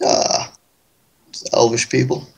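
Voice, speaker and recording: A man playing a tabletop game, speaking in a halting, casual way. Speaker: player.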